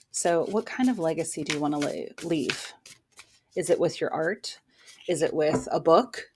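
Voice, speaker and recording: A woman's voice: lowish voice, noisy background. A woman giving a casual weekly tarot reading into her own microphone, talking in an encouraging, motivational way. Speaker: tarot reader and spiritual coach.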